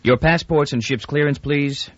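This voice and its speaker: A man's voice: on the high side, moderate pace, dry recording, highs cut off, voice pushed up, lightly acted. A male narrator voicing a brusque, bureaucratic male inspector who fires off clipped questions in an audiobook. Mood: curt. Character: curt officious male border inspector, brusque.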